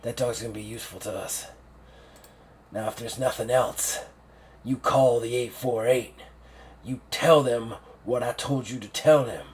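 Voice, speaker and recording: A man voicing a gruff, ruthless old male general who speaks in blunt, commanding orders. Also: medium pitch, a little slow, lightly acted. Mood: contemptuous.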